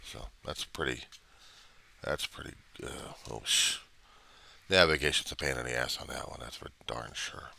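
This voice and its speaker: A man's voice: extremely low pitch, moderate pace, creaky, bright, forceful tone. A man from the United States, rambling and trailing off in a personal video diary, with mild cursing. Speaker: video diarist.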